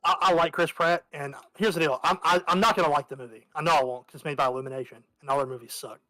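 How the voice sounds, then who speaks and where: A man's voice: on the high side, fairly even intonation, fast talker, bright, forceful tone. A man from the Southern United States chatting casually while gaming, wry and opinionated, swearing now and then. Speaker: game player. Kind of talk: casual chat while playing.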